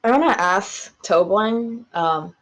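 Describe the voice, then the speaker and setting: A woman's voice: medium pitch, slow, low-quality recording. A woman player in a tabletop game, asking questions.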